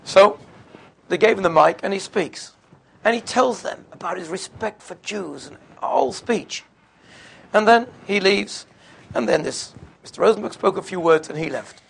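A man with a gravelly, somewhat high voice tells stories in a sermon. His delivery is conversational and unhurried. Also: a bit bright. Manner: conversational, sprinkles in Yiddish and Hebrew terms. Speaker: religious speaker. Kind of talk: storytelling sermon.

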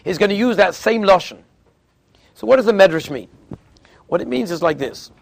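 A man's voice: animated, normal speed, gravelly. A man giving a Torah class as a rabbi, telling stories and acting out the people he quotes, often repeating and restarting phrases. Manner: storytelling, acting out quoted speakers with sudden pitch jumps.

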